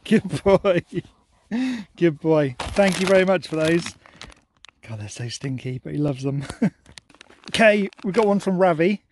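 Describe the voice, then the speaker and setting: A man's voice: fairly high pitch, expressive, moderate pace, long pauses, noisy background. A young man, cheerful and chatty, thanking viewers for gifts and talking to his dog with frequent laughs. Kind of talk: casual vlog chat to camera and dog.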